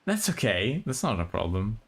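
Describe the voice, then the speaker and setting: A man's voice: fairly low pitch, normal speed, breathy edge. A man streaming with a friend, reading a visual novel aloud and chatting casually with many restarts. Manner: relaxed, hesitant, many restarts.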